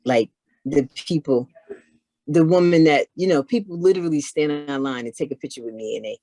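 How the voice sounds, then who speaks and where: A middle-aged woman chatting casually as an interview guest, telling animated stories. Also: low voice, fairly quick, no echo. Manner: animated, acts out others in her stories. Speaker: guest, knitwear maker. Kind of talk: casual storytelling chat.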